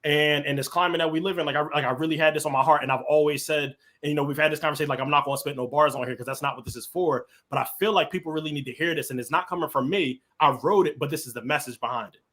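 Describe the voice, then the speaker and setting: A man with a high voice reciting his own rap verses on a podcast. He keeps a steady rhythmic spoken flow, talking to his co-hosts between lines. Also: racing, hardly any pauses. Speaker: podcast co-host.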